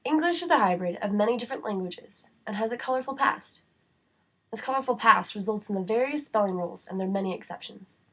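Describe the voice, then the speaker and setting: Woman reading a spelling lesson, clear voice-over, slows way down on the example words, mid pitch. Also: lively intonation. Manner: measured, reads word lists slowly. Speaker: writing center instructor. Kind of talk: scripted instructional narration.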